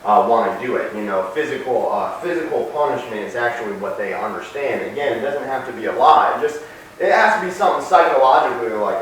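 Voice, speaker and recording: A man's voice: medium pitch, fast talker. Man, dog trainer, explains training methods, echoey room, distant mic, faint background noise. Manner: calls short commands loudly and sharply, explains in relaxed asides.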